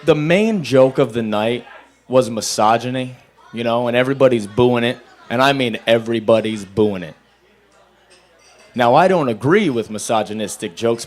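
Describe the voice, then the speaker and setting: A young man on a small bar stage at an open mic, talking into a handheld mic. He tells his stand-up stories flatly and deadpan at a mid pitch, then jumps into loud, high voices for the people he quotes. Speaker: stand-up comedian. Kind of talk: stand-up comedy set.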